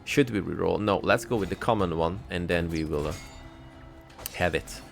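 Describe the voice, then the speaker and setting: A man's voice: low voice, moderate pace, creaky. A man casually commenting on his own gameplay, joking around and reading upgrade text aloud. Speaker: gaming channel host. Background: game music.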